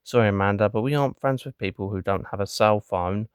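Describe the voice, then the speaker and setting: A man's voice: fairly low pitch, fast talker, clean tone, no room sound, studio quality, close to an everyday voice. A man voicing a snooty teenage girl in a comic strip who mocks a classmate. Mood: snide. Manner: snide, dismissive.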